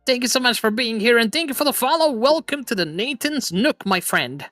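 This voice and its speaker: A man hosting a casual livestream chat from a home setup on a boom mic, excitable, swearing and laughing often, with an imitation British accent. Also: brisk, dry recording, studio quality, faint music behind. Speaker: streamer host. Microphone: boom arm microphone.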